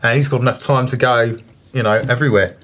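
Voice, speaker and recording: A man's voice: medium pitch, steady tone, quick pace, a bit bright. A man chatting casually as a podcast co-host, rambling through jokes with lots of fillers and restarts. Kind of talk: casual banter.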